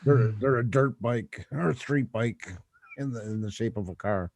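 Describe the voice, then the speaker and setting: A man's voice: mid-range voice, moderate pace, a little mellow, dry recording. A man chatting casually on a podcast, making chatty comparisons. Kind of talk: casual chat.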